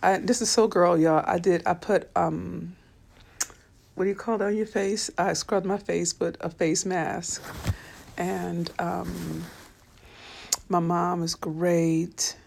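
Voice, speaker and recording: Tired, weepy woman with a gravelly voice. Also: on the low side, fairly even intonation, slow, slight background noise. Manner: soft and tired, weepy, talks to viewers by name. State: tired and low on energy. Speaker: vlogger on a live stream. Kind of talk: casual live-stream chat. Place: bedroom at home.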